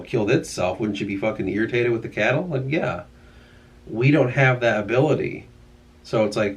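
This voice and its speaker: A man's voice: on the low side, slightly rough. A young man musing casually to his camera at home, rambling and swearing often, trailing off mid-thought. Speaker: vlogger. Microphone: camera mic.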